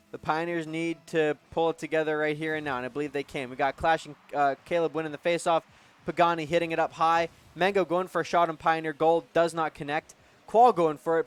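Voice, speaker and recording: A man's voice: fairly high pitch, clear, resonant tone. A young man co-casting a college esports match who calls plays and cheers his team on in a casual way. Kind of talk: play-by-play and color commentary.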